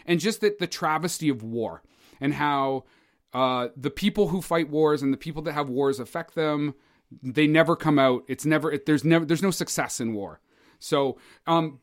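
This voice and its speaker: A man from Canada co-hosting a podcast, talking about a film in a loose, rambling way with lots of fillers and restarts. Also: mid-range voice. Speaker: podcast co-host. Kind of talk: casual film discussion.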